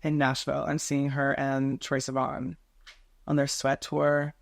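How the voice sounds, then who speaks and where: A young man from Tennessee chatting alone in his bedroom, rambling quickly and stumbling over his words. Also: mid-range voice, monotone, vocal fry. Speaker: podcast host. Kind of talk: solo casual chat to camera.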